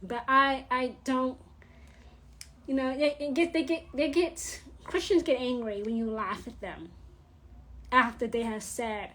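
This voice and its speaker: A woman's voice: on the high side, a little slow, fairly bright tone. A woman vlogger ranting in a blunt, profane, scolding monologue. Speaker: witch vlogger.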